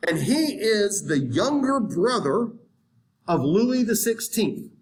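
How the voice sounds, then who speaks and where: A man giving a history lecture in an animated, conversational way, acting out historical viewpoints. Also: sits high, takes it slowly. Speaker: history teacher. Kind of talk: classroom lecture.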